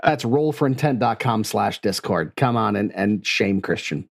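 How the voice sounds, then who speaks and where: A man's voice: fairly low pitch, animated, normal speed, gravelly. A man playing in a tabletop game podcast, joking and cursing in mock exasperation. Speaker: player. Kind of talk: casual chat at a game table.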